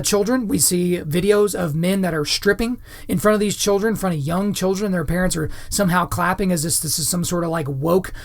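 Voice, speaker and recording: A man's voice: high voice, creaky. A man hosting a podcast, giving opinionated commentary in a lecturing way, often checking in with his listeners. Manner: lecturing, keeps checking in with "right?" and "okay?". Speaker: podcast host.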